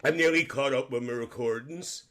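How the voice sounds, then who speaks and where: Near his everyday voice, mid-range with a fairly bright tone at normal speed, a man performs as a bawdy auntie on a comedy live stream. Reading out comments, the gossiping character giggles, makes risqué jokes, and lets out squealed exclamations of "lovely."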